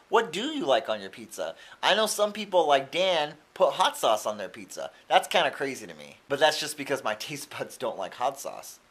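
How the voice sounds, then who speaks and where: Casual young male vlogger, chatty, mid-pitched, animated in his retelling. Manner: chatty, animated quoting of others. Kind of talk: casual storytelling vlog.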